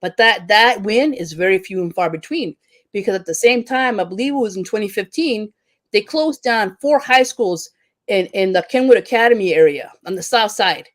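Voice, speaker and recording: With a mid-range voice, lively intonation and normal pace, a woman teacher on a panel rants heatedly and profanely. Her sentences are full of stumbles and fresh starts.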